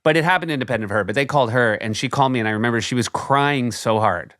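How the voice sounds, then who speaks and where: A man's voice: mid-range voice, racing, a bit bright, no echo. A middle-aged man co-hosts a chatty podcast in a mid-range voice, telling dry, joking anecdotes. The sound is close and dry, with no room at all. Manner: wry, joking storyteller. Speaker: podcast co-host. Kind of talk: casual chat.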